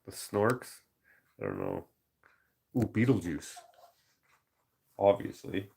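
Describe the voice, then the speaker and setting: A man painter chatting casually on a live stream, musing aloud over viewer suggestions and slipping into quick movie-quote voices. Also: low-pitched, a bit bright. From Canada.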